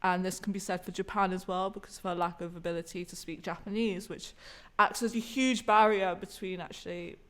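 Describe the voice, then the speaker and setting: A woman's voice: fairly low pitch, steady tone, brisk, few pauses, a bit bright. A woman co-hosting a podcast, giving an earnest, analytical review of a theatre show. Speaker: podcast co-host reviewing a musical. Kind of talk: casual review chat.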